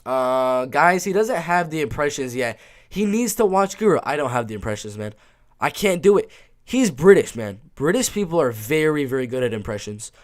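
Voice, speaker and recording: Male MMA streamer, casual chat Q&A, somewhat high, lively voice, offhand. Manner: laid-back, offhand, often ends lines with "man".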